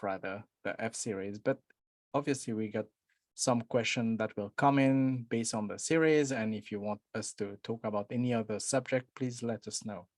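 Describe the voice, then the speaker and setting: A man's voice: medium pitch, a little mellow, no echo. A man co-hosting a casual podcast, chatting in a playful, loose way as he introduces the show. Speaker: podcast co-host, life coach.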